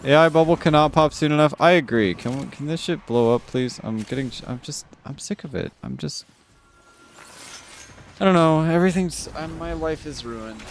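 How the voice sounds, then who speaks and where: This male livestreamer talks at a normal speed while going through chat comments, ranting casually and cursing often. There's slight background noise, and his pitch rises as he gets exasperated.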